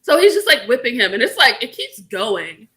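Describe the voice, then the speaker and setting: A woman's voice: on the high side, big pitch swings, moderate pace, a bit bright. A young woman chatting casually, animatedly retelling a story with swearing and acted-out quotes. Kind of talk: casual chat.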